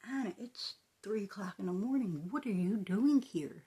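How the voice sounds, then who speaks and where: A woman's voice: mid-range voice, animated, normal speed, warm tone, husky. A woman quoting an alarmed neighbor woman.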